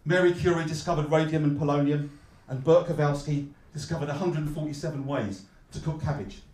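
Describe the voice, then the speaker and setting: A man from London with a Cockney accent, performing a stand-up comedy set with a deadpan, mock-glum delivery and punchlines he pushes up loud. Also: a little high, brisk, distant mic, background noise. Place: comedy club stage. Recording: echoey club, heard from afar. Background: audience laughter.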